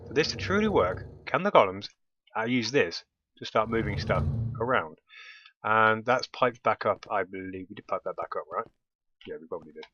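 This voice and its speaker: Excitable man with a bright, dull-sounding voice. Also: mid-range voice, a little hiss or hum. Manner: excitable, bursts into delighted exclamations. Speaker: let's play host. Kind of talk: casual gameplay commentary.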